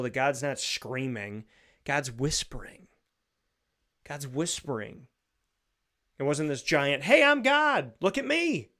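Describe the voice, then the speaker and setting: A male show host giving an earnest, repetitive spoken reflection on faith, building to animated bursts. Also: on the high side, vocal fry.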